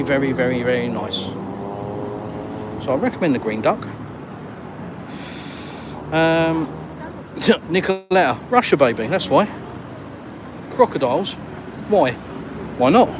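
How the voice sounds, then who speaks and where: On a walk-and-talk live stream, a chatty, jokey man from England strolls outdoors holding his phone, reading viewer comments and bantering in a slightly raised voice. Street traffic rumbles clearly behind him.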